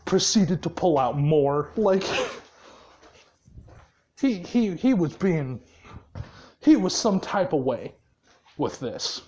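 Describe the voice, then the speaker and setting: A rambling, profane storyteller spinning a fan-made story in loose, casual speech full of fillers and laughs. The pitch is lively and swings widely. The pace is slow and unhurried.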